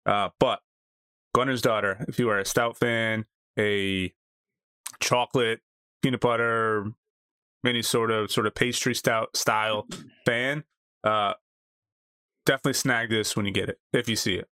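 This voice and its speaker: A man co-hosting a casual beer review podcast, talking in a relaxed, enthusiastic way with some filler words. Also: fairly low pitch, a little slow, pauses often, clean tone, no echo, studio quality. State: married. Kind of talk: casual chat.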